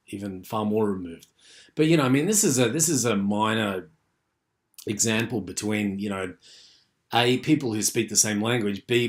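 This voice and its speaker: A man giving an unscripted university lecture, rambling with many fillers and restarts. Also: lowish voice.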